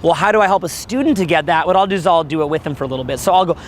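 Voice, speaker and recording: A middle-aged man with a worn, rough voice, giving a blunt, profane, animated coaching monologue about dating. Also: a little high, rapid-fire. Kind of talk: motivational monologue.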